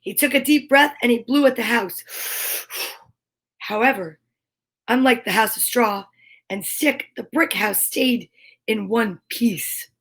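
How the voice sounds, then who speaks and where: A woman telling a fairy tale aloud in a slow, playful comic reading with little asides. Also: a little high, fairly bright tone. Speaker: storyteller. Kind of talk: comic storybook narration.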